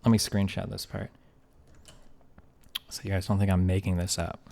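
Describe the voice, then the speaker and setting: A man's voice: deep voice, little pitch movement, moderate pace, gravelly, mellow. A man streaming, talking casually and profanely while reading messages aloud.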